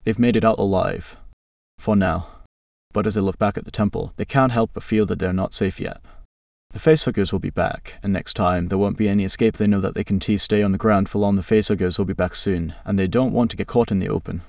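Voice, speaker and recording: Gravelly low-voiced male storyteller. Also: fairly quick, no echo. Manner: steady dramatic reading. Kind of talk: scripted story narration. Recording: distant dry mic.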